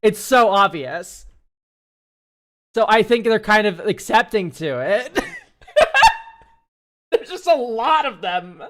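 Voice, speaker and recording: High-voiced rambling sarcastic man. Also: wildly swooping pitch, slow, long pauses, heavy background noise. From United States. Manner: rambling, sarcastic, laughing often. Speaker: streamer. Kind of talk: casual chat.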